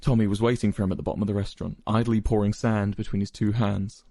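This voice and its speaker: A man's voice: on the low side, flat delivery, quick pace, hardly any pauses, dark tone, dry recording, clean studio sound. A young man expressively narrating a fan fiction story aloud.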